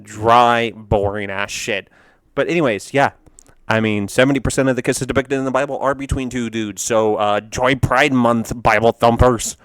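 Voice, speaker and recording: A man's voice: medium pitch, fairly even intonation, normal speed, a bit bright, smooth, dry recording. A man hosting a video where he reacts to memes, talking in a rambling, frank, filler-heavy way. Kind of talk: casual commentary.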